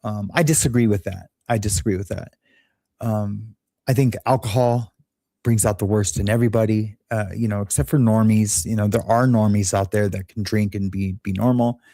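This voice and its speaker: A man's voice: lowish voice, steady tone, normal speed, warm tone, no echo, studio quality. A man from Los Angeles hosting a show, telling a rambling, candid story in a casual monologue and laughing at his own jokes. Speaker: show host.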